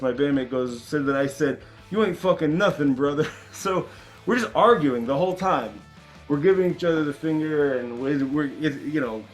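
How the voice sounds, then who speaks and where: A man, a punk band member being interviewed, telling a long story in a loose, animated, profane way. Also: mid-range voice. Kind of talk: casual storytelling.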